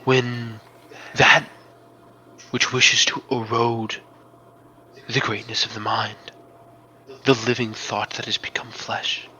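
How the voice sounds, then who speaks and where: A man voicing a serene, otherworldly female spirit guide, speaking softly and slowly in a hushed, half-whispered way. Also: mid-range voice, little pitch movement, low-quality recording. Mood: solemn.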